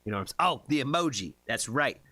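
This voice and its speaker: A man hosting a live music reaction stream, chatting casually with viewers, excitable and swearing often. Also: medium pitch, fast talker, no room sound.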